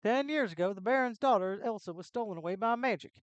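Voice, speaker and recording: A woman's voice: medium pitch, expressive, quick pace, no echo, lo-fi sound, natural voice. A woman voicing a solemn male castle gatekeeper, reading the game's lines in plain speech. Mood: informative. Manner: plain game-text reading.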